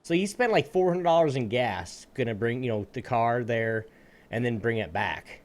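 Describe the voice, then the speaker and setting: A man co-hosting a gaming podcast, telling a long anecdote in a casual, animated way and acting out the people in it. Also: medium pitch, moderate pace. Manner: animated, acts out voices in anecdotes. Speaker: podcast co-host. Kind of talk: casual storytelling.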